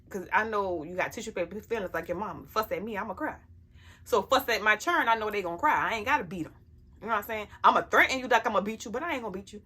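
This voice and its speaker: A woman's voice: medium pitch, sharp tone. A woman talking bluntly and emphatically to her camera about being a parent, often checking in with her listener. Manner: blunt, emphatic, keeps asking "you know what I'm saying". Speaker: parent sharing life advice. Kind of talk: casual personal vlog talk.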